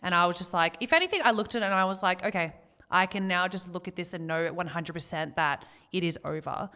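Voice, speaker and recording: As a podcast co-host, a young woman shares a painful personal story, emotional and sometimes close to tears yet quick to laugh. Her voice sits on the low side and is bright and forceful.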